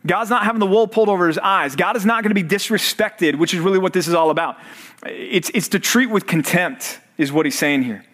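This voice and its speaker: A fairly high-voiced man in his thirties preaches a sermon at a church service for college students. He is a pastor who quizzes his listeners with fill-in-the-blank questions. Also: a bit bright.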